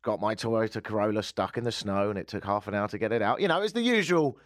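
A man's voice: lowish voice, expressive, quick pace, no echo, clean studio sound. Sarcastic British-born man hosting radio. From United Kingdom. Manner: wry, self-mocking, sarcastic asides. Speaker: radio show host. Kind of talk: casual chat show banter. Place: radio studio. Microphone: studio microphone.

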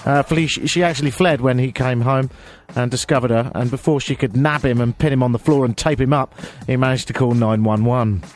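A man hosting a radio show, telling a story in a chatty, animated, self-mocking way with bursts of silly high voices. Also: a little fast, soft background music. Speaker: radio presenter.

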